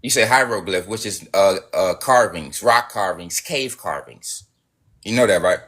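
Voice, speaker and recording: A man's voice: sits low, unhurried, fairly bright tone, a little hiss or hum. A man hosting a live stream debate, insistent and repetitive, pushing his argument. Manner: insistent, repeating himself, pushy. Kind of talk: casual debate.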